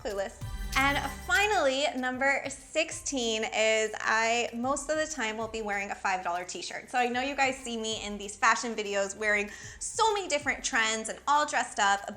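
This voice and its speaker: A woman's voice: a little high, sharp tone. A woman in her thirties who grew up in Miami, speaking with a Valley girl accent and chatting casually to camera as a fashion blogger, with lots of "like". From Miami, USA. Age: 30s. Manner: chatty, fills talk with "like".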